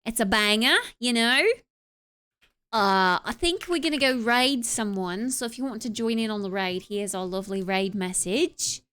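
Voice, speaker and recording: Bright, chatty young woman streamer. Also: on the high side, normal speed, clean tone. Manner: chatty, rambling with filler sounds; playful, tries out accents. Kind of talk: casual end-of-stream chat.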